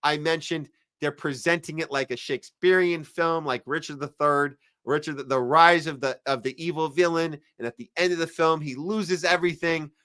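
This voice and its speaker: Podcast host guy, punchy clear voice, sarcastic rambly chat, dry close sound. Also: on the high side, steady tone, moderate pace, hardly any pauses, pushed and bright, dry recording. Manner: sarcastic, chatty commentary. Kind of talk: casual live-stream chat reading viewer comments.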